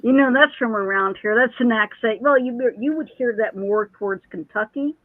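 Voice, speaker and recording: Over a thin, tinny phone line with no room sound, a psychic medium talks casually and at length at normal speed. Her voice is fairly high, and she's chatty, telling stories with many restarts and laughs.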